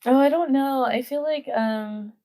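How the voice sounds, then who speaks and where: A woman's voice: high voice, a little slow, dark tone. Chatty young woman, podcast guest. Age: 20s. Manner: chatty, heavy on fillers. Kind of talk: casual chat.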